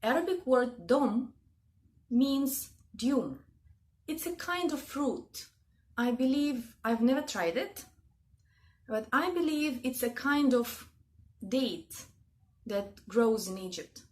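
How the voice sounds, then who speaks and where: A woman from Russia with a Russian accent, calmly explaining word meanings to her viewers in a casual vlog. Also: high voice, slow, pauses often. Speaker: language video host.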